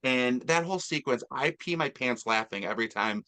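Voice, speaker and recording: Bright-voiced enthusiastic man reviewing a film. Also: medium pitch, animated, brisk. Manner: enthusiastic, rambling with fillers. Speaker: podcast host. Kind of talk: casual movie review chat.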